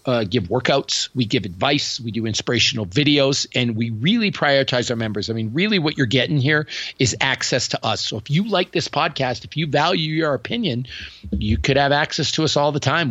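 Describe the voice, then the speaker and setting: Husky-voiced joking podcast host man. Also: medium pitch, expressive, fairly quick, fairly bright tone, no echo, dull audio. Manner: joking storyteller, trails into restarts. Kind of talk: casual chat.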